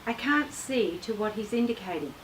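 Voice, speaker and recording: Woman reading from a distance. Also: medium pitch. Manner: measured, expressive storytelling. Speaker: author. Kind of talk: reading aloud from her own memoir. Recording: distant mic with faint background noise.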